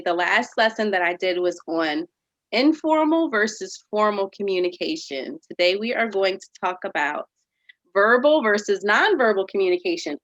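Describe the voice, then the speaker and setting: A woman teaching kids in an upbeat, animated virtual after-school lesson, sometimes reading a passage aloud. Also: mid-range voice, no room sound.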